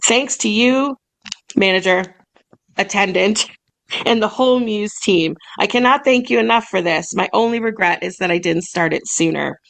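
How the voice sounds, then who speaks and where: A young woman who co-hosts a podcast and owns a massage business chats casually and reads emails aloud. She's bubbly and giggly, laughs often, and gets choked up easily. Her mid-range voice is gravelly and a bit bright, at normal speed.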